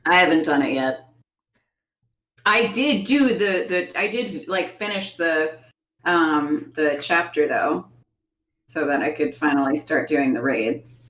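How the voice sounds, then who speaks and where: A woman's voice: low voice, lively intonation, a little slow, fairly bright tone, roomy sound. A woman guest in a casual livestream chat, giggly and rambling, swearing now and then.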